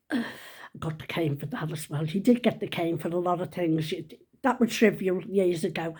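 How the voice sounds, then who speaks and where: Older woman, 70s, chatty rambling storyteller, mellow tone, laughs at herself. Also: mid-range voice, brisk, breathy edge. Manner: chatty, rambling, self-mocking, laughs while telling. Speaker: vlogger. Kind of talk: casual storytelling.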